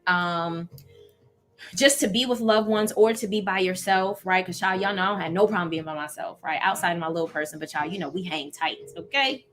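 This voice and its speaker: A woman's voice: on the low side, fairly quick, faint music behind. Chatty woman hosting a live stream. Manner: warm, chatty, reads out viewer comments. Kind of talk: casual live-stream chat with viewers.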